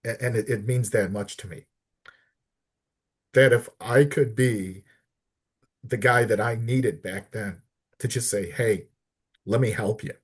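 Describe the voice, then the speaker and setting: A middle-aged man, a podcast guest, telling a personal story earnestly and haltingly, often repeating words as he searches for them. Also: medium pitch, fairly even intonation, husky. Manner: earnest, heartfelt. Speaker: podcast guest, disability advocate.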